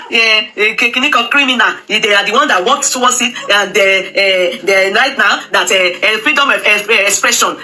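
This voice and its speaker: Nigerian woman commentator, very bright and sharp, emphatic, faint music bed. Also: on the high side. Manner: emphatic, repetitive, with Pidgin asides and frequent hesitations. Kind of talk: casual opinion talk.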